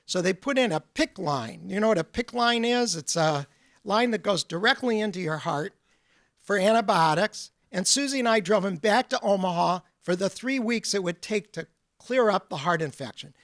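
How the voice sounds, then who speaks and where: Man giving a talk, telling funny stories, high voice, pretty dry sound. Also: expressive, normal speed, a bit bright, dry recording. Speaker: guest speaker. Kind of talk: storytelling lecture.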